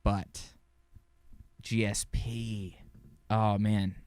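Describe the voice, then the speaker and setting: A man's voice: on the low side, little pitch movement, very slow, a little mellow, clear, resonant tone, no room sound. A young man hosting his own podcast, talking casually and rambling, with frequent swearing and easy laughs. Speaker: podcast host. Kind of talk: casual solo podcast talk.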